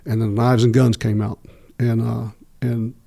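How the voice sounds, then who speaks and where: Gravelly low-voiced man. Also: little pitch movement, warm tone. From United States. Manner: slow, halting, many fillers and restarts. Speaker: podcast guest. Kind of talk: long-form interview storytelling.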